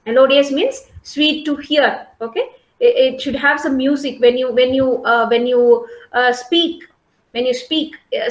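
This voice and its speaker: A woman's voice: high voice, fairly bright tone. A woman teaching a class, talking patiently with many fillers and checking whether students follow. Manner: patient, repeats and checks understanding. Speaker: lecturer. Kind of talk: classroom lecture. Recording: echoey room.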